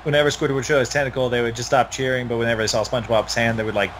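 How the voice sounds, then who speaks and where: A man's voice: medium pitch, flat delivery, very fast, fairly bright tone, a little hiss or hum. A young man commentating a wrestling video game in a rambling, opinionated, profane way.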